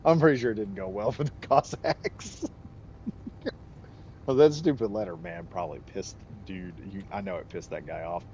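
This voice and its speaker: A man's voice: sits low, normal speed, darkish tone, highs cut off, a little hiss or hum. A man streaming a game, chatting casually and rambling off on tangents with frequent laughs. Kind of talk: casual live gameplay commentary.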